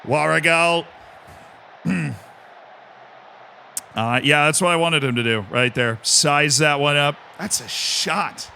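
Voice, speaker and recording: A man streaming a football management game, swinging between low muttering and shouted play-by-play commentary. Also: slow pace, creaky, pauses often, a little hiss or hum. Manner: bursts into shouted play-by-play, then mutters to himself.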